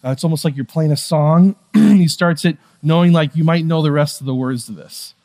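Man preaching a sermon, higher-pitched voice. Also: moderate pace. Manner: swings from hushed, quiet passages to raised, emphatic ones; conversational, with fillers and asides. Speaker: pastor.

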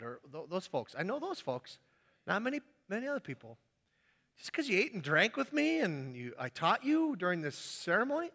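Animated, bright-voiced preacher man. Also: high voice, normal speed. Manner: animated, acting out little scenes with voices. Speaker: pastor. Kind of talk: sermon.

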